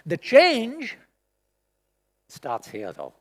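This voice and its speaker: A middle-aged man giving a conference keynote speech in a large hall, expressive and emotional, with many rhetorical questions. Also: sits high, extremely slow. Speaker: keynote speaker. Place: large hall at a school event.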